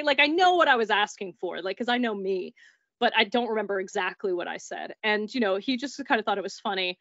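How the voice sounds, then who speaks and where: A woman's voice: mid-range voice, a little fast, fairly bright tone, no echo. A woman telling of paranormal experiences in a chatty, casual way, full of "like" and acted-out dialogue. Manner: chatty, peppered with "like", acts out dialogue. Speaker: guest recounting paranormal experiences. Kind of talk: casual storytelling. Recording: dull, dry recording.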